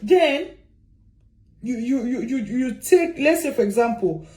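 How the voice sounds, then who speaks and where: A woman giving advice as a migration consultant, animated and repeating her points with rhetorical questions. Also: a little high, a little slow, low-quality recording. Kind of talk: advice talk to camera.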